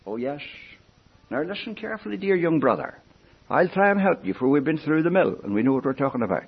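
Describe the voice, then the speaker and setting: An older man preaching a sermon in an earnest, pleading way, swinging from soft asides to raised appeals. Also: animated, quick pace, husky. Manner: earnest, pleading, rises and falls in pitch and loudness. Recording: dull lo-fi recording.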